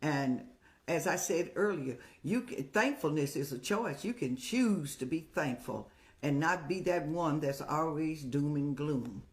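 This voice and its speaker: A woman's voice: low-pitched, animated, unhurried. An older woman hosting an advice show, talking in a folksy, motherly, preaching way. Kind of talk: casual advice talk.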